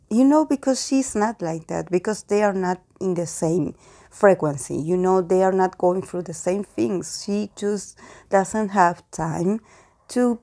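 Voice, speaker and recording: A woman's voice: mid-range voice, mellow. A woman reading tarot cards in a casual monologue. She muses aloud and hesitates often, with many "like"s and "I don't know why"s. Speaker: tarot reader.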